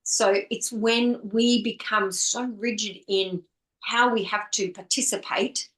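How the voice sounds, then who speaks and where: A woman's voice: mid-range voice, fairly even intonation, takes it slowly, a bit bright, reverberant, low-quality recording. A woman author speaking as an interview guest, earnest and flowing, often stringing words into lists. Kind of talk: reflective conversational interview.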